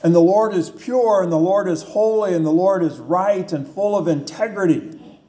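A man's voice: high-pitched, moderate pace, warm tone. A man preaching a sermon in an emphatic, repetitive way, asking the listeners rhetorical questions.

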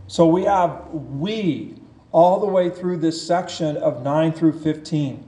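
A man preaching a sermon, reading scripture aloud and explaining it with slow, emphatic delivery. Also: on the high side, mellow. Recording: echoey church room.

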